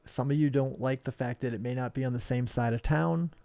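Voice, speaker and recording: A man's voice: medium pitch, fairly quick, creaky, dark tone, no echo. A man who owns a hobby shop, talking bluntly and combatively in a rambling live stream. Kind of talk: live-streamed casual talk.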